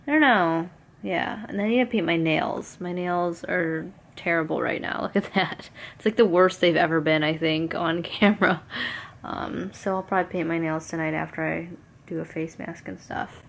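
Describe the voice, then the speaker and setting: A young mother talking casually to her handheld camera at home at night. Her voice sits a little low, and she rambles along with plenty of "like" and "um." A faint hum of household ambience hangs behind her. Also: steady tone, normal speed, creaky. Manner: chatty, rambling, lots of "like" and "um". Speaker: family vlogger, mother.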